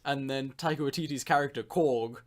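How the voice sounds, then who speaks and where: A man co-hosting a film podcast, chatting in a lively, playful way. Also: medium pitch, crowd noise. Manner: lively, playful, quick to laugh. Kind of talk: casual film review chat.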